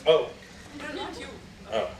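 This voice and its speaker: A man's voice: very slow, far from the mic, slight background noise. Playful man running a lecture-hall game. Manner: playful, coaxing, laughs often. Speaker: guest lecturer.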